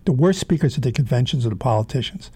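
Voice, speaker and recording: Male host, blunt commentary, lots of "uh"s, mellow tone, close and dry. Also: mid-range voice, lively intonation, husky, no echo. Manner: halting, many fillers, frank and blunt. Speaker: show host. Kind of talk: opinionated political commentary monologue.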